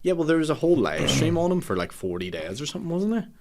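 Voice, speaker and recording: A man's voice: on the high side, sing-song, fast, vocal fry, a little mellow. A man, a podcast guest trading dry quips and laughing often in casual banter.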